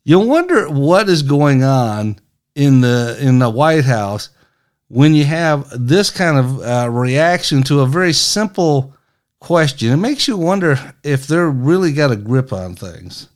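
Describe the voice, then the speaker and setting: A man's voice: mid-range voice, sing-song, a little slow. A middle-aged man hosting a casual political commentary, talking in a sarcastic, mocking, folksy way.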